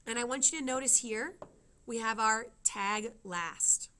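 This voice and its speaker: A woman's voice: on the high side, a little slow, bright, forceful tone, slight background noise. A woman teaching a writing lesson, explaining step by step and checking in with her students. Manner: explains step by step, often asks "okay?".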